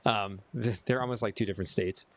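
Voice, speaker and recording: A man's voice: on the low side, fairly even intonation, fairly quick, slight background noise. A man with a Chicago accent, a bit tipsy from whiskey, rambling casually and poking fun at himself as he chats with viewers during a livestream. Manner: rambling, self-mocking, talks to chat. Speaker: streamer. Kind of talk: casual game livestream chat.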